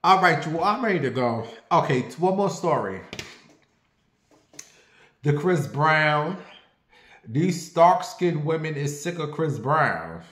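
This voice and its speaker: A man's voice: a little high, takes it slowly, long pauses, reverberant. A man delivering a sassy, profane gossip rant in a casual online video. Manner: sassy, brash and profane, animated. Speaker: online commentator.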